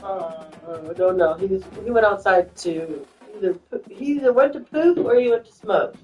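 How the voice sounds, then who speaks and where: A woman's voice: mid-range voice, expressive, normal speed, mellow, faint music behind. A woman chats casually while playing a game, cursing freely and breaking into laughter. Her voice sounds roomy and set back from the microphone. The recording is dull and lo-fi. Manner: chatty, swears freely, laughs often. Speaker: gamer chatting on voice chat. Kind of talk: casual gaming chat. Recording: roomy, distant, dull lo-fi mic.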